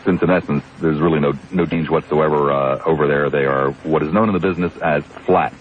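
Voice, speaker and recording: A man's voice: rumbling low, steady tone, fairly quick. A man hosting a call-in radio talk show, wry and rambling, teasing callers and his studio audience. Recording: dull AM radio broadcast with faint hiss.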